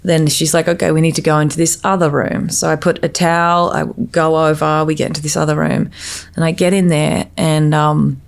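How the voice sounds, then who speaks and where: Woman, podcast guest; deep, fry-edged voice; halting personal storytelling full of restarts. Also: level tone.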